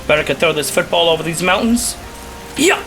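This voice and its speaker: A man's voice: a little high, a little fast, fairly bright tone, soft background music. A young man casually commenting while he plays a video game, rambling and joking with playful asides. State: recovering from a cough. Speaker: gaming channel host. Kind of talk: casual let's play commentary.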